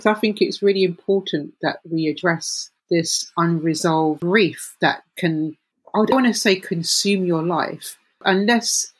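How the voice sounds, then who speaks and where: An interview host responding to a guest in a measured, thoughtful way, choosing words carefully. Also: medium pitch, slightly rough, poor audio. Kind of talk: interview conversation.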